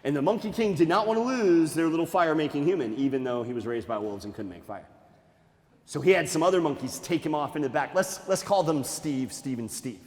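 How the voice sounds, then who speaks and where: A man, a nature museum educator, telling a story to children in a playful, animated way and talking straight to the kids. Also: a little high, a little fast, big-room sound.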